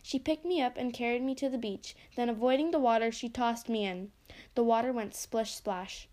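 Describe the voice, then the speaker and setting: A woman reading a first-person story aloud with expressive narration. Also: fairly high pitch, normal speed.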